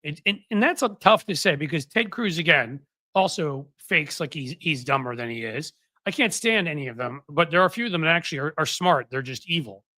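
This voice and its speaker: A man hosting a political live stream, chatting loosely with viewers, full of restarts and asides. His voice sits a bit high and bright. The sound is dry and close on a desk mic. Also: expressive, a little fast, no echo. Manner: rambling, chatty, many fillers and restarts. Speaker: political commentary host. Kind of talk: casual live-stream chat. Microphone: desk microphone.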